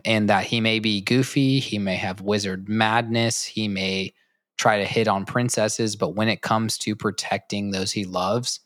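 A man with a low voice talks excitedly through his points, looping back with lots of "like" and "um". The recording is dry and close. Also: no room sound. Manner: rambling, enthusiastic, lots of fillers. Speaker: podcast co-host. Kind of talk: casual chat about a cartoon.

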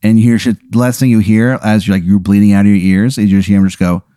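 A man hosting a comedy podcast, spinning an improvised story in a rambling, deadpan way full of fillers. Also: lowish voice, quick pace, no room sound, studio quality. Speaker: podcast host.

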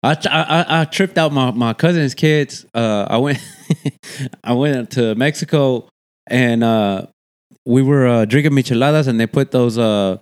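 A man's voice: mid-range voice, unhurried, clear, resonant tone. Laid-back man, casual storyteller, swears a lot, laughs easily. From Texas. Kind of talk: casual chat.

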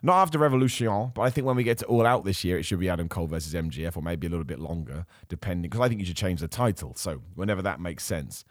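A man hosting a casual podcast, reading out viewer questions and answering them with chatty enthusiasm while his voice turns hoarse. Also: sits low, fast talker, few pauses, no room sound, studio quality. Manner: enthusiastic, chatty, frequent fillers and restarts. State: losing his voice. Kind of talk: casual chat.

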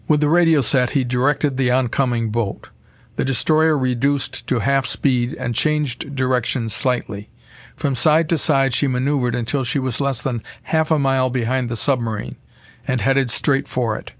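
A man narrating an old adventure story in a steady, measured reading voice. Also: mid-range voice, no echo. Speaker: audiobook narrator. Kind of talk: scripted narration.

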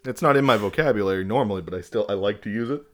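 A young man from Maine chats on a casual podcast, his voice sitting low. He tells stories loosely, swears freely and laughs often. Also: very fast. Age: young adult. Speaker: podcast co-host. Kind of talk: casual chat.

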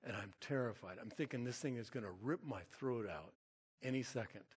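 A middle-aged man preaching with an earnest, animated delivery. His voice sits at an ordinary middle pitch, and he breaks into an occasional chuckle as he recounts a dream. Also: brisk, breathy edge, big-room sound. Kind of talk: sermon-style storytelling.

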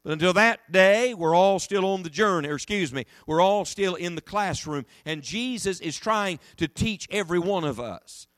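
Middle-aged male preacher, emphatic and animated; slightly high pitch, dry close recording with faint hum. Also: moderate pace, few pauses, no room sound. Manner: animated, emphatic preaching with rising and falling delivery. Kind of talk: sermon.

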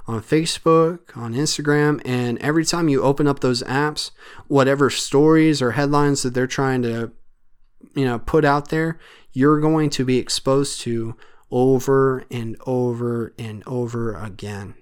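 A man's voice: mid-range voice, fairly even intonation, a little slow, clean tone. A man hosting a solo podcast, talking in an earnest, rambling way with many fillers. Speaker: podcast host.

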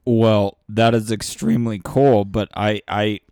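A man with a lowish voice talks as a podcast guest, eager and rambling, dropping swear words along the way. The recording is dry and close. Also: unhurried, clear, resonant tone, no room sound. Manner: excitable, swears freely, rambling. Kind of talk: casual podcast chat.

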